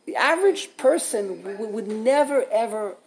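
A woman's voice: a little high, animated, moderate pace, low-quality recording. A woman teaching a religious class. She tells a story earnestly and often repeats words while she searches for the next thought.

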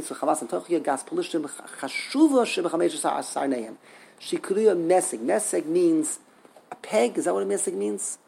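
A man's voice: sits high, lively intonation, moderate pace, creaky, dark tone, slight background noise. A man teaching a text study class, thinking aloud, repeating words and asking rhetorical questions.

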